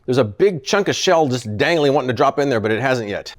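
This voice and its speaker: A man hosting a casual gadget-review vlog, his speaking voice at a middle pitch but swinging widely up and down. He comes across as animated, often exasperated, and chuckles when things fail. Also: a little fast, a little hiss or hum. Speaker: product reviewer, channel host. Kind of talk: casual product-testing vlog.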